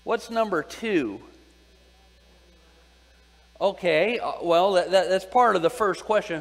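Slow, high-voiced man preaching in a hall. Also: fairly bright tone. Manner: deliberate, asks the audience questions and repeats key phrases. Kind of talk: Bible teaching sermon. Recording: long hall reverb.

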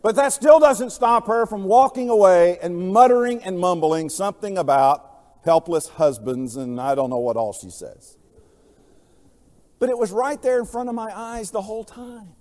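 High-voiced preacher man in a reverberant hall. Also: lively intonation, normal speed. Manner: storytelling preacher, swings from quiet to loud. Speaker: pastor. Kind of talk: sermon.

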